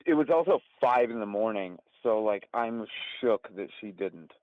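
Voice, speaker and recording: A man's voice: lowish voice, expressive, normal speed, no echo. A man in his twenties calling in to a show, rambling through a story with lots of swearing and laughter. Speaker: caller. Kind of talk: casual storytelling. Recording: tinny phone line.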